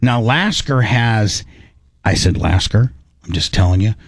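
A man's voice: on the low side, animated, a little slow, gravelly, no echo. Rambling man telling a comic story. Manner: rambling, full of fillers and acted-out quotes.

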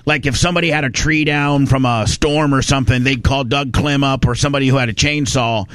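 A man's voice: medium pitch, a little fast, smooth, no echo, studio quality. A man from Indiana, telling a rambling, folksy story in casual chat. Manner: rambling, folksy, animated when quoting people.

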